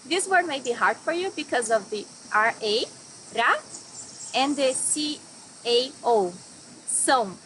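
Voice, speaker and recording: A young woman from Brazil teaching a vocabulary lesson, saying each word slowly before giving its meaning. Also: sits high, animated, a bit bright, a little hiss or hum, low-quality recording. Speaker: language teacher.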